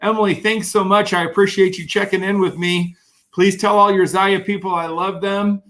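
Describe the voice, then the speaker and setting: Speaking at a normal pace with a high-pitched voice, this motivational keynote speaker runs an energetic live stream. As comments come in, he reads them and calls out viewers by name.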